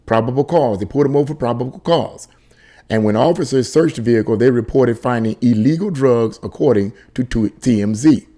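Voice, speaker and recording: A man's voice: mid-range voice, fairly quick, warm tone. A man reading a news article aloud and breaking off into indignant commentary. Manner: indignant, exclaims and laughs in disbelief. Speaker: commentary channel host.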